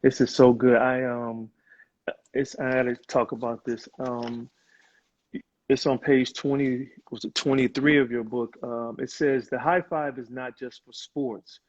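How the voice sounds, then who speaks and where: A man's voice: medium pitch, flat delivery, unhurried. A man talking earnestly and reflectively in a casual live conversation, over a video call. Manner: earnest, reflective, with many fillers. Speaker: guest on a live video chat. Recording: muffled, lo-fi video call audio.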